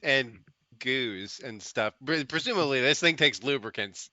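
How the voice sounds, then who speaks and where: A man's voice: mid-range voice, animated, a little slow, crowd noise. A man talking casually as a player in a tabletop game, jokey and rambling. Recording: dry, dull lo-fi sound.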